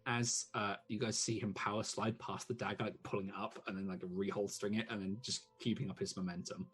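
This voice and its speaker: A man's voice: fairly low pitch, flat delivery, fairly quick, a bit bright, slight background noise. A man narrating a tabletop game as game master, rambling with lots of fillers. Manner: rambling, full of "like" and "um".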